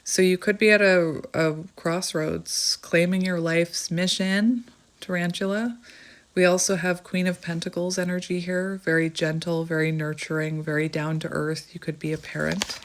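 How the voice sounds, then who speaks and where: A woman's voice: on the low side, fairly even intonation, moderate pace. A woman chatting casually as she gives a tarot reading, laughing often and thinking aloud. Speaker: tarot reader.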